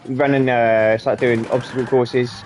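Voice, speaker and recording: A man's voice: mid-range voice, level tone, unhurried, darkish tone, a little hiss or hum. A young man swearing freely and laughing as he tells rambling stories while gaming. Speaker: gaming channel host. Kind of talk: casual storytelling while gaming.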